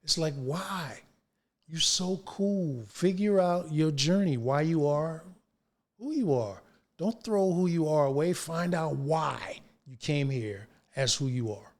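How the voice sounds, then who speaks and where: Unhurried and a bit high in pitch, an older man appears as a guest actor in a laid-back interview. He's animated as he tells his stories, putting on slangy voices for the people he quotes.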